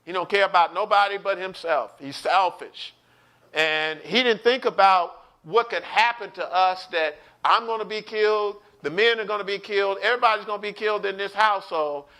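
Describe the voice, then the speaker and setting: Pleading wife, put on by a male preacher, stammering apology, high bright voice. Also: normal speed. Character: pleading wife begging for her household.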